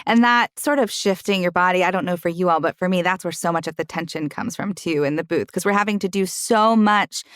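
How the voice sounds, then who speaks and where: A woman's voice: fairly low pitch, brisk, few pauses, fairly bright tone, dry recording, studio quality. A woman podcast host in a roundtable chat, explaining her thoughts in a reflective way. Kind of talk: casual roundtable discussion. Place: recording booth.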